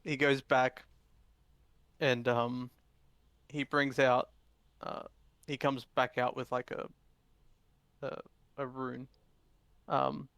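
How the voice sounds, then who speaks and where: A man's voice: medium pitch, level tone, slow, vocal fry, long pauses, a bit bright, dry recording. A man narrating as game master in a tabletop game, in a loose, rambling way full of fillers.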